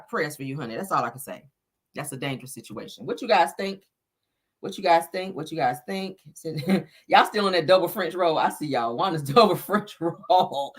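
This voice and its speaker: A woman's voice: medium pitch, a bit bright. A woman hosting a casual celebrity gossip livestream, talking sassily to her chat and peppering her talk with "honey" and "child".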